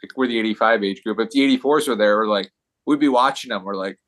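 A man around forty, a guest on a podcast, telling stories in a rapid, loose, casual way. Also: on the low side, fairly bright tone, dry recording. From United States. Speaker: podcast guest, pro hockey player. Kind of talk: casual chat.

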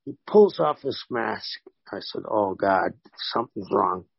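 A man, a former pro wrestler, telling animated stories in a casual interview and voicing the people in them. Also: fairly low pitch, measured pace, vocal fry, breathy edge, dry recording, lo-fi sound. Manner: animated anecdotes with voiced quotes.

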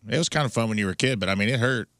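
A man's voice: mid-range voice, racing, a bit bright, dry recording. A man co-hosting a casual podcast, telling a laid-back anecdote in a dry manner. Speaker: podcast co-host. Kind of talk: casual chat.

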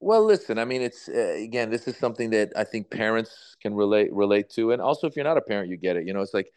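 A comedian in his fifties telling stories in an interview, animated and acting out people's voices. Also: lowish voice, quick pace, clear, resonant tone, no echo. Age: 50s. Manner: animated, acts out voices in anecdotes. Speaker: comedian guest. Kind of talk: relaxed interview storytelling.

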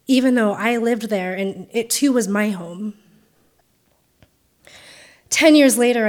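A woman in her late twenties with a Californian accent, telling a personal story in a conversational way with frequent ums. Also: mid-range voice. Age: 20s.

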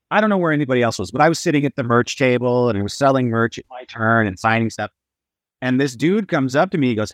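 A middle-aged man chatting on a podcast, his pitch swinging widely as he tells stories and acts out quotes. The sound is dry and close. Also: dry recording. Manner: animated storyteller, acts out quotes. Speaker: guest musician. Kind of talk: casual podcast chat.

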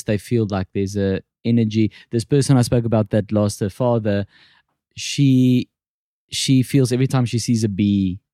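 Mellow-voiced South African host. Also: male voice, on the low side, dry recording, studio quality. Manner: probing, hesitant, restarts often. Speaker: podcast host. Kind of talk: casual interview.

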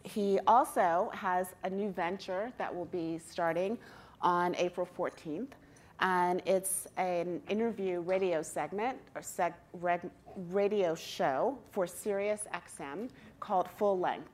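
Female interviewer, lower voice, measured and polite, slight hesitations. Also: a little mellow. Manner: measured, polite, reads introduction with small hesitations. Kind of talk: stage interview.

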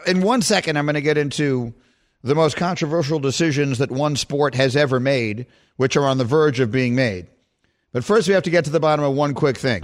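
A man's voice: fairly high pitch, slight background noise. A man hosting a sports talk radio show, teasing and incredulous as he banters with his co-hosts.

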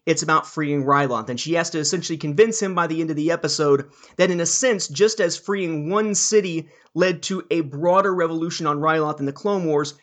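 A man with a somewhat high voice hosts a casual podcast. He sums up points in a measured way and hands each turn to the next speaker. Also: a bit bright. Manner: summarizing, handing over turns. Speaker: podcast host. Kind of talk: casual discussion.

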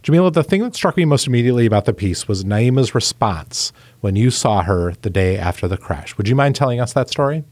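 A man's voice: medium pitch, lively intonation, fairly quick, darkish tone, dry recording. A man hosting a parenting podcast, introducing topics and guests conversationally. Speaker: podcast host.

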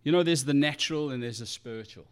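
A man preaching a sermon as pastor, passionate and animated, acting out quoted excuses from churchgoers. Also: mid-range voice, quick pace, clean tone.

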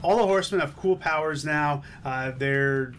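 A man's voice: fairly high pitch, normal speed, a bit bright, a little hiss or hum. A man co-hosting a podcast, casually reading comic credits and recapping issues with jokes. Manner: joking, reads credits then recaps. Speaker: podcast co-host. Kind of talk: casual comic book review chat.

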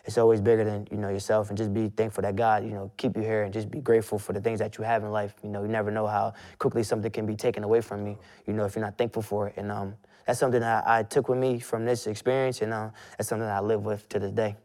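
A man's voice: lowish voice, little pitch movement, quick pace, hardly any pauses, darkish tone. A young man in his twenties, a guest, telling a personal story in a loose conversational way, with lots of "you know" and restarts. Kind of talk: emotional storytelling in casual conversation.

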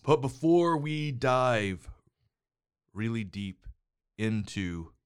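Smooth-voiced teasing middle-aged dad. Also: male voice, mid-range voice, lively intonation, very slow. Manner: teasing, bossy, laughs often. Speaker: podcast co-host, father. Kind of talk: casual chat about movies and TV. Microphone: headphones and studio mic.

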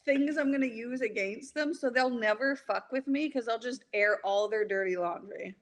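A woman's voice: fairly high pitch, normal speed. A woman in her thirties, a stand-up comedian, chatting casually with brash, profane humor and frequent laughter. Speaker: comedian guest. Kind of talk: casual podcast chat.

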